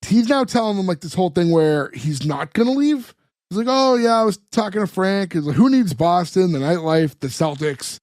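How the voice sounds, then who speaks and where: A man talks through a sitcom episode scene by scene, slipping into the characters' lines as he tells it. His voice sits a little high for a man and has a lively storyteller's lift. The sound is dry and close, with no room around it. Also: normal speed, no room sound. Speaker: podcast co-host. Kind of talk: casual chat recapping a sitcom episode.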